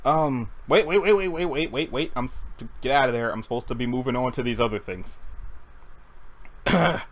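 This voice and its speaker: At a computer, a webcomic reader chats casually through a comic in a medium-pitched voice at normal speed. They ramble, giggle, and keep cutting themselves off.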